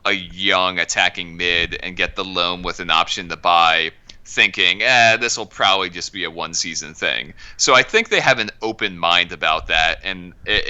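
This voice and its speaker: A man giving measured, analytical soccer commentary on a podcast. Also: low voice, pushed and bright, clear, resonant tone. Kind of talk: podcast discussion.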